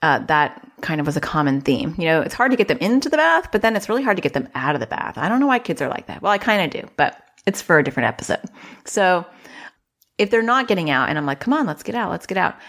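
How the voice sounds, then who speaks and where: A woman's voice: low voice, very animated, quick pace, a bit bright. A woman child therapist hosting a podcast, giving casual advice in a chatty, self-deprecating way and acting out little quotes.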